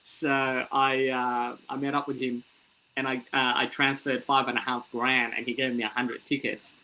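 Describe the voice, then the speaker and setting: A man's voice: mid-range voice, moderate pace, low-quality recording. A young Australian man, a comedian, telling a story in a casual interview and acting out the people he quotes. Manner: animated, acts out quoted voices. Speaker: comedian guest.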